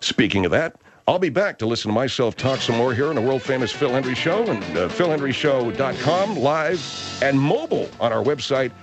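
A man hosting a talk radio show, riffing with animated comic exaggeration. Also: mid-range voice, a little fast, music in the background. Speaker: radio host.

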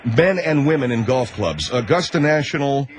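A man hosting a call-in radio talk show, prodding his guests quickly. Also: mid-range voice, lively intonation.

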